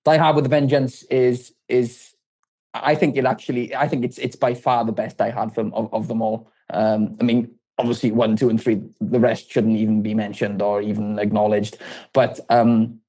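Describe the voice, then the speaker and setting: A man's voice: medium pitch, little pitch movement, moderate pace, dark tone. Rambling man on a podcast. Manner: rambling, hesitant, with frequent fillers and laughs. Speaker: podcast co-host. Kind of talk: casual chat.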